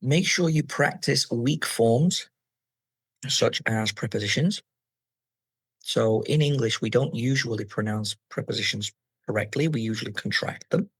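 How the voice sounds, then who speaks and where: Male English teacher, husky mid-pitched voice, clear instructive delivery, dry close recording. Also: a little slow, no room sound, poor audio. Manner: clear, instructive, models intonation aloud. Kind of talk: exam tips lesson.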